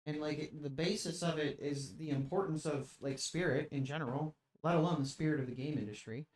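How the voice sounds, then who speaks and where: Chill young dude hosting a podcast, lots of likes, echoey mic. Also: male voice, on the high side, a little fast. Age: young adult. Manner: laid-back, says "like" and "dude" a lot. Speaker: podcast host. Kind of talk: casual chat. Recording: roomy echo from the mic.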